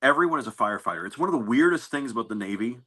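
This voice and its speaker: A man in an interview, telling stories about his navy service in a relaxed, anecdotal way with fillers and restarts. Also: mid-range voice, very fast, breathy edge. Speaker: navy veteran guest. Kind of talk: casual interview storytelling.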